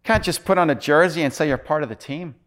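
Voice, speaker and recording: A man doing an impression of an older male Scottish preacher in a put-on Scottish accent, higher than his own voice. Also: quick pace, fairly bright tone, lightly acted. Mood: wry.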